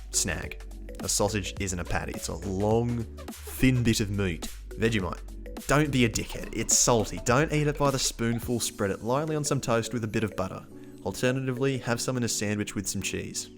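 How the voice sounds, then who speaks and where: An Australian man giving a casual, scripted explainer in a wry, blunt way, swearing freely. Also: lowish voice. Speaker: vlogger.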